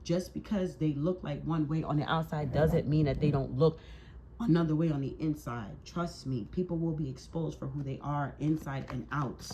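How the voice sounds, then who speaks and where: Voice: medium pitch, fairly even intonation, normal speed, noisy background. Tarot reader, mid-range voice, heated and preachy, heavy swearing, repetitive rhetorical questions. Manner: heated, profane and emphatic, with repeated rhetorical questions; preachy and scolding. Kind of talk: tarot reading monologue.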